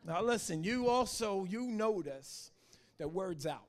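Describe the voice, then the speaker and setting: A man preaching a lively, joking sermon to a church service. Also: sits high, measured pace. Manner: joking, animated, talks to the crowd. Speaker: guest preacher.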